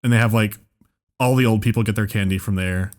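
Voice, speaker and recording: A man casually telling a long comedic story on a podcast, rambling with restarts and getting more excited as it goes. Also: lowish voice, fast. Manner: rambling, restarts often, builds to excited animated retelling. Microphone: podcast microphone.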